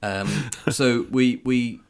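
A man's voice: mid-range voice, fairly even intonation, drawn-out words, clean tone. A man co-hosting a podcast, chatting casually and rambling with many fillers and restarts. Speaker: podcast co-host. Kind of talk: casual chat.

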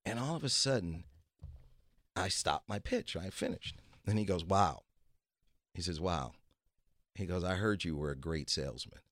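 A man's voice: low-pitched, expressive, moderate pace, fairly bright tone, no room sound, studio quality. A man telling a long story as a guest, acting out other people's lines in his own voice and repeating "he goes". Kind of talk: casual storytelling.

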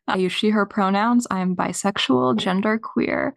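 A woman introducing herself in a relaxed, plain way as a podcast guest on a remote call. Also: medium pitch, normal speed, creaky, dry recording, studio quality. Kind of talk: casual podcast interview.

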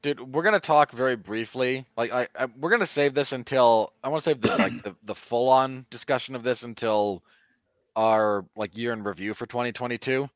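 A man's voice: mid-range voice, fairly quick, no echo. Sardonic man on slightly dull audio. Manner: sardonic, exaggerated mock outbursts. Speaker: podcast co-host. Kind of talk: casual film review chat.

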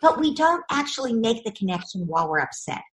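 A woman with a slightly high voice, talking through parenting ideas as an expert guest in an interview. She explains with emphasis and slips into the voices of parents and children to make her points. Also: big pitch swings, fairly quick, a bit bright, low-quality recording. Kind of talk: conversational interview.

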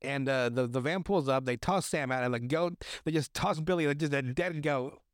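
Swearing often and rambling through restarts and fillers, a young man hosts a podcast, casually and crudely recapping a TV episode. His mid-range voice moves at normal speed. The audio is studio quality, with no echo.

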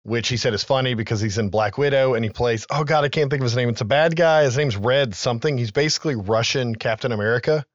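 A man co-hosting a podcast, talking through movie trivia in a loose, conversational way with the odd curse word. His voice sits at an ordinary middle pitch. The recording is dry and a little dull, with a lo-fi edge. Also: fast talker, few pauses, dry recording. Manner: conversational, recaps film trivia with loose asides and profanity. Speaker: podcast co-host. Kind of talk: casual podcast chat.

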